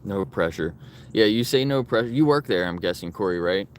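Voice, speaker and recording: Low-voiced man streaming from a noisy street. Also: lively intonation, fairly quick. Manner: earnest, talking while walking and filming. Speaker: animal rights activist livestreamer. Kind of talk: casual livestream talking to viewers. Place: outdoors on a residential street by traffic. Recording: street traffic noise behind.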